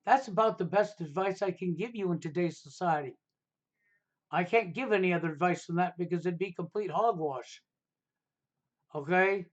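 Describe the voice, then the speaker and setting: A middle-aged man hosts a live stream in a high-pitched voice. He talks in an emphatic, preachy way and keeps tagging his points with "okay?". The sound is dull and lo-fi. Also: normal speed. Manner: emphatic, repeats "okay?" to drive points home. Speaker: livestream host. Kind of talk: casual advice talk on a live stream.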